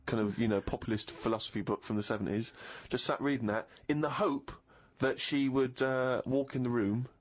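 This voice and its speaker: A man's voice: mid-range voice, steady tone, brisk, hardly any pauses. A man co-hosting a radio comedy show, telling self-mocking stories in an articulate, wry, conversational way. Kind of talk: conversational storytelling. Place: radio studio. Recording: dull lo-fi radio recording.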